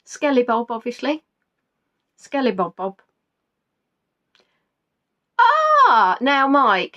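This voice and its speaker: A woman hosting a live quiz, chatting casually and rambling with self-deprecating asides. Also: medium pitch. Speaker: quiz host. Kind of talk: casual live-stream chat.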